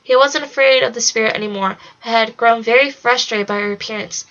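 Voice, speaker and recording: A woman reads a storybook aloud in a bright, fairly high voice with a sharp edge, keeping an even, steady pace. The lo-fi home recording is slightly dull. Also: fairly quick. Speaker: reader. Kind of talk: storybook read-along narration.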